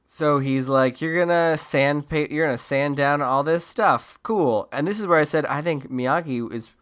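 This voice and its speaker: Male podcast co-host, sarcastic casual recapper, voice a bit on the high side. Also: moderate pace, a bit bright, clear, resonant tone. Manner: sarcastic, does silly impressions of characters. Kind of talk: casual movie recap chat.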